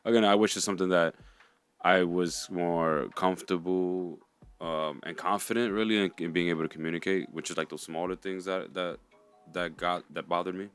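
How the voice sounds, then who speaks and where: A man's voice: low voice, fairly even intonation, clean tone. A man co-hosting a reflective conversation, speaking thoughtfully with frequent restarts. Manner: thoughtful, halting, many restarts. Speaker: co-host.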